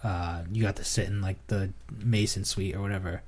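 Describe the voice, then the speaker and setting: A man co-hosting a casual sports podcast, speaking in a low-key, dry way and often trailing off quietly. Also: fairly even intonation, brisk, husky. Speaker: podcast co-host.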